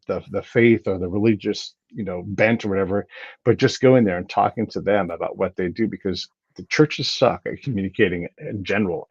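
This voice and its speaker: Man, podcast host, husky low voice, dull lo-fi sound, chatty and animated. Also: dry recording. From United States. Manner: animated storyteller, chatty with frequent restarts. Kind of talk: casual interview chat.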